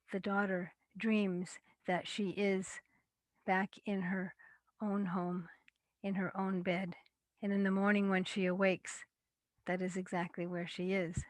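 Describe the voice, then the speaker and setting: A woman storyteller telling a folktale in a measured, deliberate way. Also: medium pitch, no room sound.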